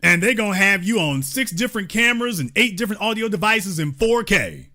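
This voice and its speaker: Male call-in host, high and lively voice, bright edge; emphatic, mocking, repeats lines for punch. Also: brisk. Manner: emphatic, mocking, preacher-like repetition. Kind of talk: live call-in show commentary.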